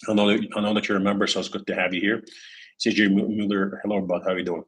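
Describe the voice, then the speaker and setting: A man hosts a casual livestream in a deep, husky voice. He rambles along with plenty of fillers and false starts, reading out viewers' comments as he goes. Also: level tone, fast talker, rough recording. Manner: rambling, many fillers and restarts, reads chat comments aloud. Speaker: crypto livestream host.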